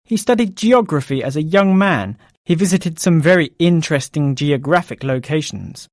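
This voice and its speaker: A man who works as a photographer, calmly and reflectively describing his project in a recorded clip. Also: fairly high pitch, moderate pace, dry recording. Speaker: photographer interviewee.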